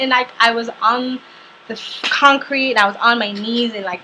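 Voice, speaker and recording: A young woman vlogger telling a personal story in a halting way, full of fillers and restarts. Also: on the high side, steady tone, heavy background noise. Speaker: travel vlogger.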